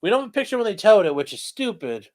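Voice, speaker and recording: A man's voice: high-pitched, big pitch swings, fast talker. A man who is a lawyer chats casually on a livestream, joking and reading viewer comments aloud.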